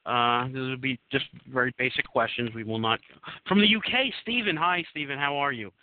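A man's voice: mid-range voice, a little fast, no echo. A man hosting a casual live call-in podcast, rambling and hesitant with many restarts. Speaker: podcast host. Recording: tinny phone-line call-in audio.

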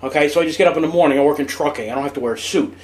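A man's voice: a little high, racing, a little mellow. A man with a New Jersey accent co-hosting a radio show, rambling through self-deprecating stories and laughing as he goes. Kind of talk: casual chat.

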